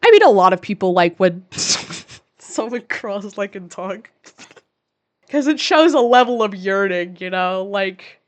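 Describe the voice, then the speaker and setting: A young woman in her twenties tears through a movie recap on a casual podcast. She is crude and sarcastic, swears constantly, and talks at an everyday mid pitch for a woman. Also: animated, slow pace. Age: 20s. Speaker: podcast co-host.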